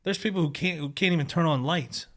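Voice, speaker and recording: A man hosting a casual interview podcast, working as a police officer, who talks in a profane, animated storytelling way. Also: a little high, fast talker.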